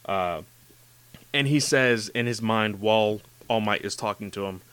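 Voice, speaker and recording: A man hosting a casual chat about anime, gushing and excitable, with lots of "like" and "you know". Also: fairly low pitch, unhurried, clean tone, no room sound. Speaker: podcast host discussing anime.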